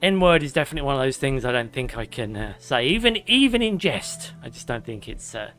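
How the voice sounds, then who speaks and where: A man's voice: mid-range voice, sing-song, a little fast, fairly bright tone. A young man chatting casually to his viewers while playing a video game, swearing now and then and reading chat aloud. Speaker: gaming streamer. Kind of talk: casual live gameplay commentary. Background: game music.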